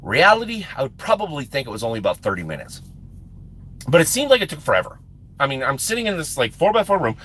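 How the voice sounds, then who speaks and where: A man telling a long personal story on a live stream, excitable and often laughing, repeating and restarting his words and swearing casually. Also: medium pitch, fast, husky.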